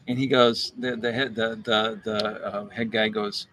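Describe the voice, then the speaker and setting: Man, coffee roaster, gravelly voice, bright tone, chatty storyteller, repeats words. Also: lowish voice, unhurried, pauses often, slight background noise. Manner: animated anecdote with acted-out quotes; repeats words while thinking. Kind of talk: casual storytelling chat. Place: coffee shop.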